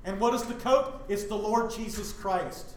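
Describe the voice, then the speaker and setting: A man's voice: sits high, moderate pace, echoey room, slight background noise. A middle-aged man from Wyoming, a pastor teaching a Bible study in a church, who keeps asking his listeners questions. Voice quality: animated, questioning the audience.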